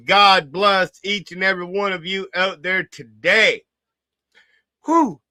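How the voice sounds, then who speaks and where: Hyped high-voiced man hosting a talk show. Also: fairly even intonation, slow, pushed and bright, dry recording, studio quality. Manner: hyped, repeats words, sings along and teases. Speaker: apologetics show host. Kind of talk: excited casual commentary.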